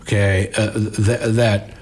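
A man's voice: on the low side, little pitch movement, slow pace. A middle-aged man who works as a financial advisor, answering interview questions in a conversational way, restarting words and often ending his points with "okay?".

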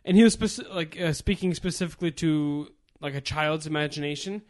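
A man with a slightly higher voice than most, chatting casually on a podcast. He rambles reflectively, circling back and restarting his thoughts, with fillers scattered throughout. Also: a little fast, a little mellow. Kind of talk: casual chat.

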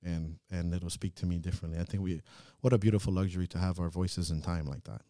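A man co-hosting a podcast, talking in an earnest, reflective way that swings into loud, laughing rants. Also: low voice, steady tone, fast talker, no room sound, studio quality. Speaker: podcast co-host. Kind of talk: casual reflective chat.

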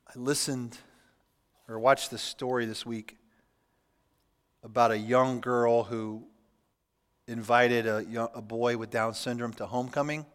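A man preaching a sermon as pastor, reading scripture aloud and adding relaxed, humorous asides. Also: medium pitch, unhurried, pauses often, smooth. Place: church sanctuary. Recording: church hall with long reverb.

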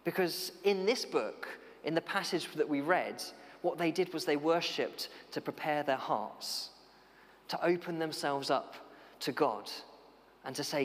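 A man's voice: on the high side, normal speed, a bit bright. A man preaching a sermon in an earnest, conversational way, asking many rhetorical questions of his listeners. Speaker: preacher and youth worker. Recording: long church-hall reverb.

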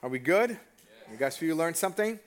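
A man's voice: a little high, animated, brisk, a little hiss or hum. A man preaching a conversational sermon in church and often turning to the congregation with questions. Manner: casual and direct, asks the congregation questions. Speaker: pastor.

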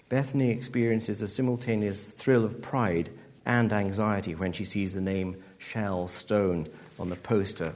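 A male author reads his own story aloud to a live audience. His voice sits low, and he tells the story in a measured, dry way. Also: a little mellow. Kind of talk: live literary reading. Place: live event hall.

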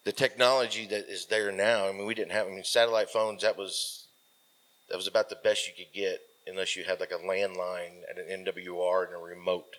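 A military veteran guest in his forties, with a somewhat low, level voice, tells a story from his service days casually and at a fairly quick pace. He relies on fillers and restarts, and his sentences often trail off softly.

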